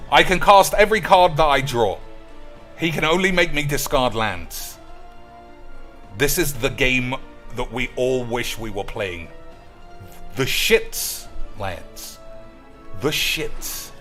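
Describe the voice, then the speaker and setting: A man's voice: fairly high pitch, fairly bright tone. A man streaming a card game, ranting with sarcastic, profane commentary. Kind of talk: gameplay commentary.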